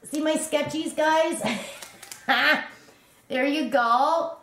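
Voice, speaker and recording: A rambling, chatty woman in her fifties shows off her crochet from home and talks slowly with many restarts. Her voice sits a little high, and the room around her is echoey. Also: fairly even intonation, a bit bright. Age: 50s. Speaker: crochet vlogger. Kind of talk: casual show-and-tell chat.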